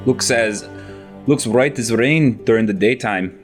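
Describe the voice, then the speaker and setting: A man's voice: medium pitch, unhurried, soft background music, natural voice. A man voicing a lean, wiry elven male guild hero in a put-on bad Scottish accent, brash and chummy. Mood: gruff.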